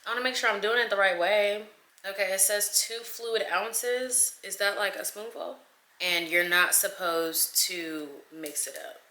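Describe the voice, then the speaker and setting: A woman's voice: medium pitch, a little slow, sharp tone. A young woman chatting casually to camera in a vlog, dramatic and talking to viewers as y'all. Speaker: vlogger. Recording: echoey room.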